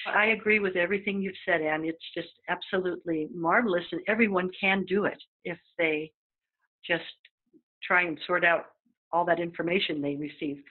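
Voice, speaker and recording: A woman talks casually as a psychic medium, chatty and full of fillers. Her voice sits slightly low and husky. The sound comes through a thin, phone-like line. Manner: chatty, acts out quoted voices, frequent fillers. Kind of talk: casual panel chat.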